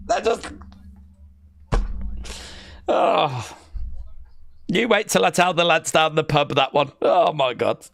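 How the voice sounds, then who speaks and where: A man hosting a live watch-along stream, chatting casually, reading out viewer comments and calling the action with sudden excitement. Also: a little high, takes it slowly, vocal fry, long pauses, no room sound, clean studio sound, soft background music. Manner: excitable, chatty, reads chat aloud.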